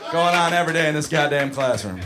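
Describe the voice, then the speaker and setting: A man doing a stand-up set, swearing and shouting in a high voice when he mimics kids. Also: fast talker, crowd noise, noisy background. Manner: animated, swearing, shouting kids' demands in a high voice. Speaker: stand-up comedian. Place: comedy club with audience laughter.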